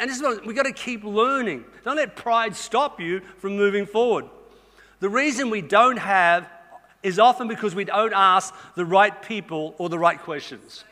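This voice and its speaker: A middle-aged Australian man preaching a sermon, energetic and conversational, speaking straight to the congregation with some humor. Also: very high voice. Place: church auditorium. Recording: reverberant church hall.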